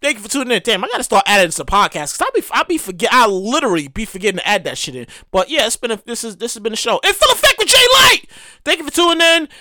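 A high-voiced woman hosts her solo comedy podcast, swooping all over her pitch as she rants. She swears freely and repeats lines for laughs. Her voice is crisp and dry, recorded close with no room sound. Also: rapid-fire, few pauses, dry recording. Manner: animated, profane, repeats phrases for comic effect. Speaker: podcast host.

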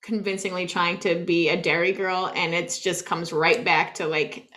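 Young woman podcast co-host, casual storyteller, lively and giggly. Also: lowish voice, moderate pace. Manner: animated storyteller, laughs often. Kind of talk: casual chat.

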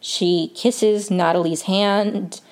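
A woman's voice: mid-range voice, steady tone, very slow, darkish tone. A woman giving a casual, chatty TV episode recap, full of "um" and "like". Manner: chatty, many fillers like "um" and "like". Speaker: TV recap vlogger.

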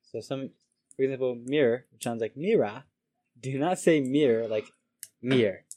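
Man, casual read-aloud, halting, stumbling, dry close sound. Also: mid-range voice, warm tone, no echo. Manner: stumbling, halting reading with restarts. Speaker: friend reading a pronunciation guide aloud. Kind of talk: casual reading aloud among friends.

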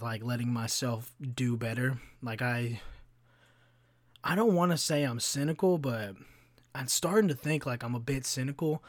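A man's voice: medium pitch, dry recording. A man in his twenties hosting a podcast, telling stories in a rambling, profane, casual way, full of fillers. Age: 20s. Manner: profane, rambling, animated storytelling with frequent fillers. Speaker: podcast host. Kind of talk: casual solo storytelling.

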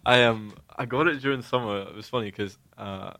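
Gravelly laid-back British man. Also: lowish voice, a little fast, pushed and bright, no echo. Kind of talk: casual podcast chat.

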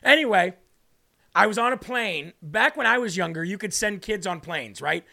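A man with a raspy, bullfrog-like voice talks in a loose, rambling way as he hosts his show. His voice sits high for a man and has a gravelly, fry-filled edge. He addresses his viewers casually and drifts from one point to the next. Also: pushed and bright. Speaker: host. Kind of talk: casual livestream talk.

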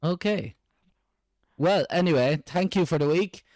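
A man's voice: a little high, unhurried, a little mellow, no echo, clean studio sound. A young Irish man co-hosting a podcast, chatting casually and joking, with plenty of fillers. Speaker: podcast co-host. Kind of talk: casual chat.

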